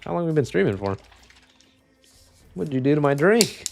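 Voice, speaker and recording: A man's voice: on the high side, very animated, moderate pace, gravelly, a little mellow, faint music behind. A young man streaming a video game, chatting in a laid-back way with frequent swearing. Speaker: gaming streamer. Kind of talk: casual chat while streaming gameplay.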